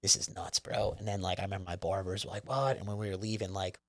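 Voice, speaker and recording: A man's voice: sits low, level tone, rapid-fire. A man, a comedian guest, telling a rambling, profane story in casual chat. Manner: profane, rambling, lots of fillers.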